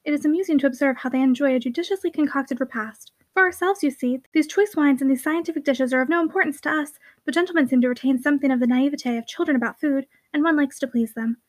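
A woman reading the part of a bold, witty young heiress who teases with lively, quick exclamations. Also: sits high, dry recording, close to an everyday voice. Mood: playful.

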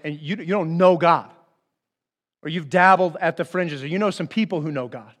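Guy preaching, high voice, chatty and animated, plays out the bible characters. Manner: conversational, animated, acts out the speakers in the Bible stories. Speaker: pastor. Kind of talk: sermon.

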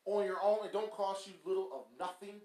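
A man's voice: sits high, steady tone, a little fast, mellow. A man, hosting a podcast with a blunt, scolding motivational rant that mocks people with quacking. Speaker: podcast host. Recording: echoey room.

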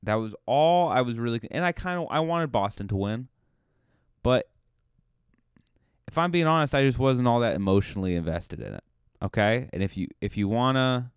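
Male podcast host, comic rambling monologue, clear low voice, dry close recording. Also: no echo. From Cape Cod, Massachusetts. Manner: joking, rambling, self-deprecating. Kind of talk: comedic monologue.

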